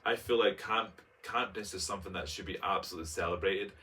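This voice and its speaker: A man in his late twenties with a lower-pitched yet bright, forceful voice reads his old essay and stops often for camp, playful commentary. He sits a little back from the mic, so his voice sounds slightly distant. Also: quick pace. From Scotland. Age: late 20s. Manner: expressive, camp, playful asides. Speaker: vlogger. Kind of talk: reading a personal essay aloud and commenting on it.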